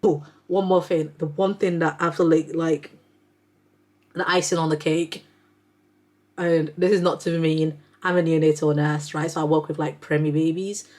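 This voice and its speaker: A woman's voice: low-pitched, level tone, normal speed, darkish tone. Rambling, chatty woman reviewing books. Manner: chatty, rambling, heavy use of "like" fillers. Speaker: book reviewer, neonatal nurse. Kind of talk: casual book review chat.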